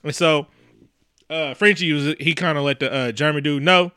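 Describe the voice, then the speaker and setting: A man retelling a movie as a comedy bit, animated, slipping into character voices. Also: normal speed, clean tone, no echo, clean studio sound. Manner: animated storytelling, voicing characters with big pitch jumps.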